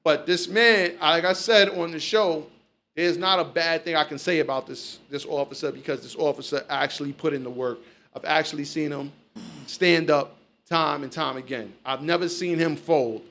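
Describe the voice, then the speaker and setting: A man's voice: on the high side, steady tone, normal speed, vocal fry, sharp tone, a little hiss or hum. A man hosting a casual chat, telling stories loosely and swearing freely. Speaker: podcast host.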